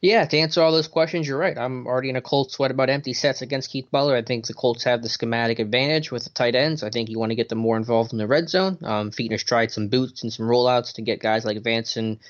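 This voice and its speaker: A man co-hosting a casual sports talk podcast, relaxed, thinking aloud with fillers as he answers questions. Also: mid-range voice, quick pace, few pauses. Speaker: podcast co-host. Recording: dull lo-fi audio.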